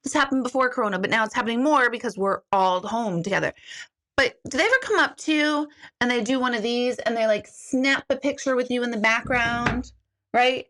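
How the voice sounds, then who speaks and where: A middle-aged woman hosts a casual intuitive reading livestream from home, rambling and poking fun at herself as she speaks directly to viewers. Her voice is fairly high, fairly bright, and fairly quick.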